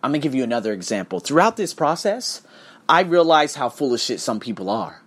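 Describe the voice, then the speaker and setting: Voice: medium pitch, very animated, brisk, breathy edge. A teacher ranting in a casual vlog, profane and emphatic, speaking heatedly about work. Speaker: English teacher in Bangkok.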